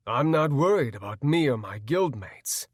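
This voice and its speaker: A man's voice: mid-range voice, lively intonation, normal speed, breathy edge, no echo, studio quality. A man voicing a wry male rival. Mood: earnest. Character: male rival guild leader, wry and concerned.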